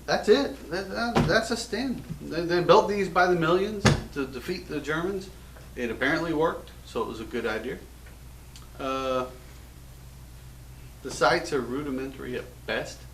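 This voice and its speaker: A man's voice: on the high side, moderate pace, background noise. Joking American man in a roomy space. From United States. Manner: goofy, self-mocking, rambling jokes. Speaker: gun show host. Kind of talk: casual joking show-and-tell. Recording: roomy echo from a distant mic.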